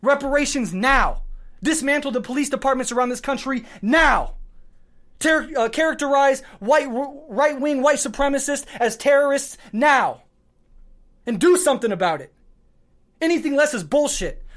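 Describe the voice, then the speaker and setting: A man hosting a podcast launches into a heated political monologue, swearing freely and building his points through rapid, repeated clauses. He sounds raw and worn out from lack of sleep, his emotions barely held in check. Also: very high-pitched, expressive, fairly bright tone. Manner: fiery, swearing, emphatic, speaking in repeated short clauses. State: emotionally worked up and short on sleep. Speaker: podcast host.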